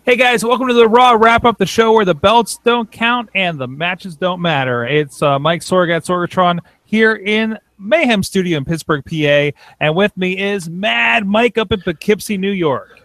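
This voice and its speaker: Man, podcast host, casual and rambling, high-ish, dry sound. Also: moderate pace, few pauses, a bit bright, no room sound. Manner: rambling, frequent fillers. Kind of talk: casual chat. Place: home studio.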